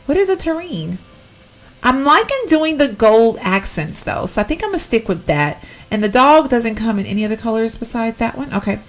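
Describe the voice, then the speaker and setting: Chatty woman with a lively voice. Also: a little high. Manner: chatty, rambling, self-correcting, giggly. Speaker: Sims gameplay YouTuber. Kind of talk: casual gameplay commentary.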